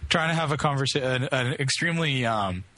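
A man's voice: mid-range voice, animated, fairly quick, sharp tone, no room sound. A man co-hosting a casual podcast, rambling through a story with many restarts. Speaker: podcast co-host. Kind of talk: casual chat.

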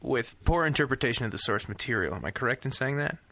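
A man co-hosts a podcast chat in a dry, sardonic manner. His voice is bright and forward. The sound is close and dry, with no room behind it. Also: mid-range voice, lively intonation, fast, no room sound. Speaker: podcast co-host. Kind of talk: casual chat, reading film credits.

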